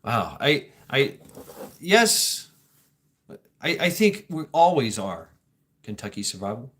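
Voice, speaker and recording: At medium pitch and a slow pace, this man sounds very animated with a fairly bright tone. He hosts an easygoing livestream, reading chat comments and musing in a rambling way, with repeated words, laughter between thoughts, jokes and casual swearing.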